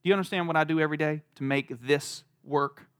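A man's voice: fairly high pitch, steady tone, fast, smooth, lightly acted. A man voicing God in a retold Bible story, firing off incredulous, challenging questions. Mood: exasperated. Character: God, an exasperated male deity.

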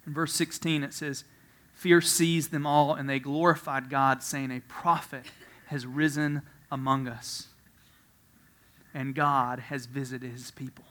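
A man preaching a sermon, telling a story with frequent laughter, swinging from quiet asides to loud emphasis. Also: medium pitch, level tone, a little slow. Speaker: pastor.

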